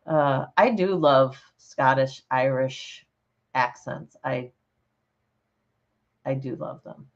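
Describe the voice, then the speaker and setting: Slow, low-voiced woman chatting casually. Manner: relaxed, chatty, laughs often. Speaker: channel host. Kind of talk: casual livestream chat reading comments. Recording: slightly dull lo-fi sound.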